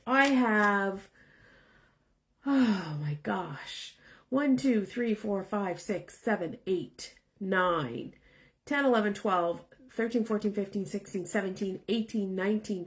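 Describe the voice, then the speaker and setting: A woman tarot reader chatting casually to viewers, rambling and tagging her points with "right?". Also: mid-range voice. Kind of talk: casual live chat to viewers.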